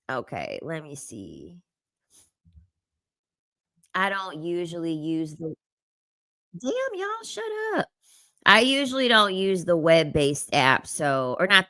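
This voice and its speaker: A woman's voice: low voice, fairly bright tone, dry recording. A young woman hosting casual reaction commentary, sassy and slangy, often breaking into laughter. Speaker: commentary host.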